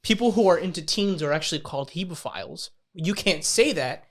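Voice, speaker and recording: Man, podcast co-host, slightly high voice, teasing, interjecting jokes. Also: animated, a little fast. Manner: teasing, cuts in with jokes and "fun facts". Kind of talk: casual podcast banter.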